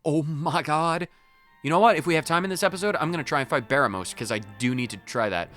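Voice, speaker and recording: A man commenting on his own gameplay in a rambling, excitable, playful way, hopped up on caffeine. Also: a little high, fast, soft background music. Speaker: let's play host.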